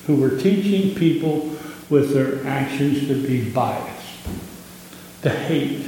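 A man with a Southern US accent, a pastor giving an impassioned sermon that rises in pitch on key points. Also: mellow, a little hiss or hum. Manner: impassioned preaching, rising in pitch on emphasis. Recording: echoey hall with long reverb.

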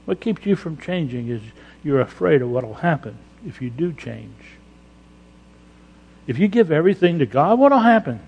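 A male pastor preaching an emphatic sermon, breaking into loud acted-out prayers. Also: fairly high pitch, sing-song, normal speed, gravelly, breathy edge, highs cut off. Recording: long hall reverb.

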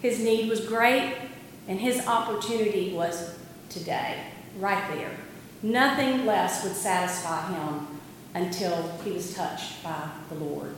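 A woman preaching a sermon, retelling a story slowly and deliberately with dramatic emphasis. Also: medium pitch, a little hiss or hum. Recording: echoey hall, long reverb, faint ambience.

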